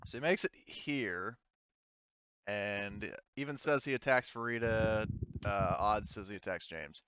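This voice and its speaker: A man's voice: lowish voice, unhurried, fairly bright tone, smooth, no echo. A man running a tabletop war game as game master, talking loosely with lots of fillers and restarts. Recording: slightly dull, lo-fi mic.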